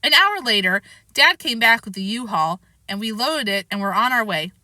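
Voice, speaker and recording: A woman reading a children's chapter book aloud with lively, expressive storytelling. Her voice is bright and higher than most, its pitch moving freely, in a dry, close recording. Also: normal speed, dry recording.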